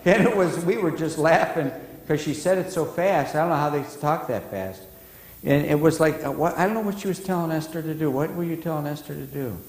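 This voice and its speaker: A man's voice: a little high, brisk, a little mellow. A male pastor preaching a sermon in a church, talking conversationally and quizzing his congregation. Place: church sanctuary. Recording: echoey church hall.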